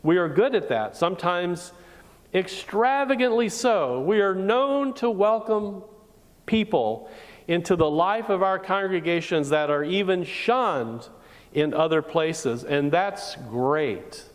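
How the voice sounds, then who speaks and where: Woman pastor, sermon, very slow pace, long church-hall reverb. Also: fairly low pitch, expressive. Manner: deliberate, rhetorical questioning. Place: church sanctuary.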